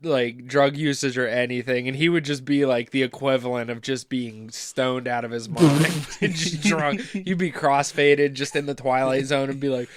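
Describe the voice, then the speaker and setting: A man's voice: mid-range voice, moderate pace, hardly any pauses. A man co-hosting a podcast, chatting casually and teasing his friend with playful, laughing energy. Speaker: podcast co-host.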